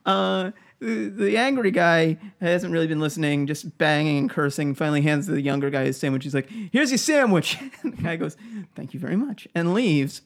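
A man's voice: on the high side, a little fast, vocal fry, few pauses. A man co-hosting a podcast, telling a funny story in a casual way, laughing often and acting out the people he quotes. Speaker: podcast co-host.

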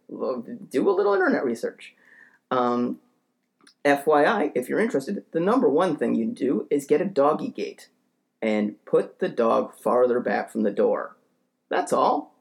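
A man's voice: sing-song, a little slow, gravelly. A man telling a story in casual talk, rambling with lots of fillers and restarts, and getting heated as he goes. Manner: acts out quotes in a shouting higher voice; grows heated and ranting. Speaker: podcast storyteller.

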